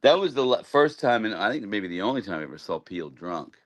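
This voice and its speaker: A man's voice: on the low side, big pitch swings, fairly quick, no echo, clean studio sound. A man in his sixties, a guest musician, telling rambling stories and laughing in a casual interview.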